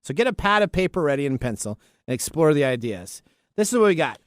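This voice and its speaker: A man's voice: fairly high pitch, very animated, quick pace, dry recording, clean studio sound. A man hosting a tech podcast in casual chat, rambling and often stumbling over names. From US Pacific Northwest. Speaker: podcast host.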